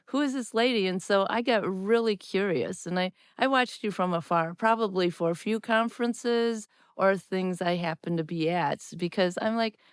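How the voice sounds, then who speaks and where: Midwestern-raised woman host, friendly chatter, smooth resonant tone, dry studio sound. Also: mid-range voice, normal speed, few pauses, no echo. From Wisconsin, US. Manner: chatty, laughs often, many fillers like you know. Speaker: podcast host, former teacher. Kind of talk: casual interview chat.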